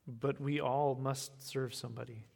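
American guy preaching in a church hall, gravelly, earnest, echoes a lot. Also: mid-range voice, fairly even intonation, darkish tone. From United States. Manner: unhurried, earnest, repeats words when searching. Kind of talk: evening sermon and closing prayer. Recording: long reverb of a hall.

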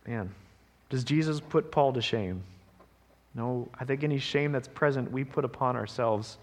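A man's voice: medium pitch, a little slow, long reverb tail. A man pastor preaching a sermon in a conversational way, often checking in with the congregation. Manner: conversational preaching, frequent "right?" asides.

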